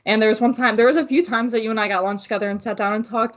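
A woman's voice: on the high side, racing, few pauses. A young adult woman leads a casual group discussion, bubbly and giggly, heard over a remote call. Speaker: discussion moderator. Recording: dull, lo-fi sound.

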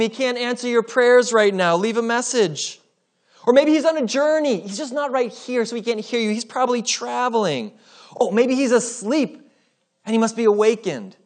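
Preacher playing a bold prophet, commanding and dramatic, fierce conviction. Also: male voice, medium pitch, lightly acted. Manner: commanding, dramatic, mocking at times. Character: bold, fiery male prophet.

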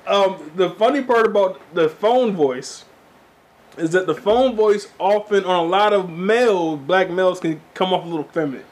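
A man's voice: high voice, normal speed. A man co-hosting a loose, joking casual chat. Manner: loose and joking, slips into impressions.

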